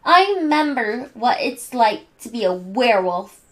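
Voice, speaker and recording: Woman playing a scared little boy, high, shaky, stammering. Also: very animated, a little slow, a bit bright. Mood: anxious. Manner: stammering, anxious. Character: timid nervous little boy toddler.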